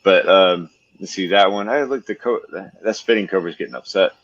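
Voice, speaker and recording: An excitable man hosting a podcast, talking in casual chat, swearing a lot and laughing often. His voice is bright and forceful, close and dry on the mic, with a slightly dull, muffled sound. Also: deep voice, fairly quick, no room sound. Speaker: podcast host, reptile keeper.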